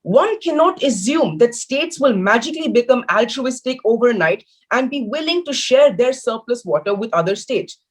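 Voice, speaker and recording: Teenage boy, school debater, emphatic, arguing, husky, lively swooping pitch. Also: poor audio. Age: teens. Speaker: school debater speaking against the motion. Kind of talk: formal competitive debate speech. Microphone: video call.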